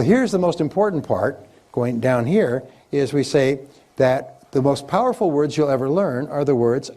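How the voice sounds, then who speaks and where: A man's voice: mid-range voice, mellow. A man giving a live seminar talk into a stage microphone. He drives his points home with repetition, rolling lists and chanted phrases. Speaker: motivational speaker.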